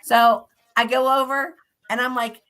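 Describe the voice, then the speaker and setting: Chatting casually on her show, a woman recounts a story and animatedly performs her own reactions as quoted lines. She speaks unhurriedly, with a voice that's a little high.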